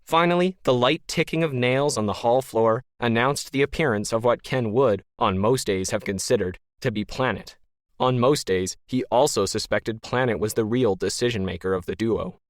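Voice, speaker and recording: A man narrating a science-fiction story in a wry, deadpan manner. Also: mid-range voice, moderate pace, no echo, clean studio sound. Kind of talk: scripted narration.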